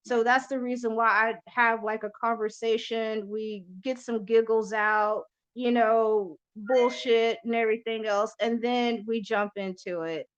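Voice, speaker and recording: A woman's voice: fairly high pitch, fairly even intonation, a little slow, few pauses, clean tone. A woman hosting a podcast in loose casual chat, rambling and swearing freely with lots of fillers. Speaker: podcast host. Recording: lo-fi muffled audio.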